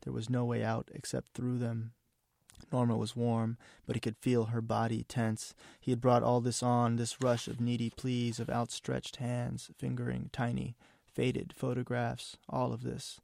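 A man, an author, reading from his novel in a measured, somber way. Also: medium pitch, completely flat delivery, vocal fry, a little mellow, dry recording, studio quality. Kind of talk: literary reading.

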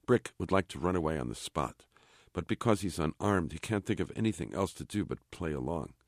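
Deep-voiced man reading his novel. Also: lively intonation, fairly quick, no room sound, studio quality. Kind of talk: literary reading.

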